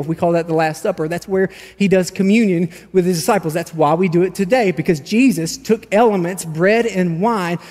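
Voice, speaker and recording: A man's voice: high-pitched, a little mellow, in a large hall. A man preaching a sermon, telling a story with animation and reading scripture aloud. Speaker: pastor. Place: large church hall.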